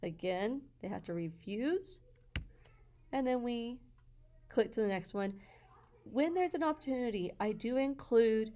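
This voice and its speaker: A woman teacher walking through her classroom slides in a patient, explanatory way, sounding out words slowly. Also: mid-range voice, warm tone.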